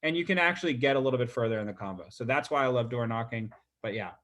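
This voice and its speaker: A real estate sales coach gives casual coaching on a group video call, loose and chatty with many fillers and repeated words. His voice is mid-range, fast, and fairly bright.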